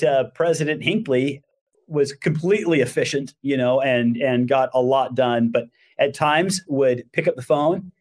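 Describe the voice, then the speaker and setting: A middle-aged man, a religion teacher, telling animated anecdotes in an interview and acting out the voices of the people in them. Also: mid-range voice. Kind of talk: conversational storytelling.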